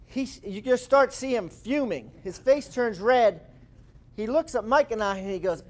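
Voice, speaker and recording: A man in his fifties giving a motivational talk to a live audience, telling a story with lively, acted-out quotes. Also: high-pitched, moderate pace. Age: 50s. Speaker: speaker. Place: live presentation room.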